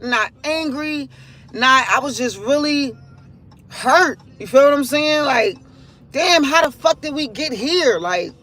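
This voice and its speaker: A woman's voice: fairly high pitch, fairly bright tone. A woman hosting a livestream, talking in a candid, rambling and profane way about her feelings. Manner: profane, rambling, emotionally open. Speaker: livestream host. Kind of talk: casual candid monologue.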